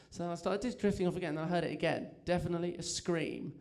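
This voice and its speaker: Man, stand-up comic, high voice, gravelly, animated storyteller. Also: fast talker, hardly any pauses. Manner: chatty, self-mocking, animated storytelling. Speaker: stand-up comedian. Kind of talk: stand-up comedy set. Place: comedy club stage.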